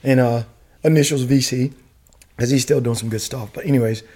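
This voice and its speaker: Fast-talking, profane army veteran man. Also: mid-range voice, husky. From United States. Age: middle-aged. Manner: profane, slangy, animated storyteller. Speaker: podcast guest, retired soldier. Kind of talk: casual storytelling.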